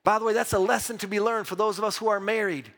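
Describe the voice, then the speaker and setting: A man preaching a sermon as pastor, emphatic and lively, mixing Bible reading with personal stories told with restarts. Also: sits high, fast talker. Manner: repeats words and restarts when telling stories.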